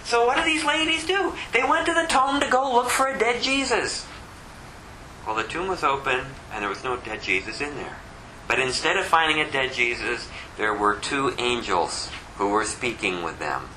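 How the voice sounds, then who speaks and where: A man's voice: medium pitch, animated, normal speed, pushed and bright, reverberant, a little hiss or hum, rough recording. A man preaching a sermon, emphatic and driving his points home with repeated rhetorical questions.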